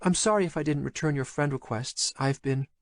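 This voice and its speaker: A male narrator voicing a shy, frightened young woman who speaks softly and hesitantly in an audiobook. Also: on the high side, a little fast, no echo, studio quality, pitched above the performer's own voice, lightly acted. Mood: anxious pleading. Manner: soft, pleading, hesitant. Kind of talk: audiobook character voice.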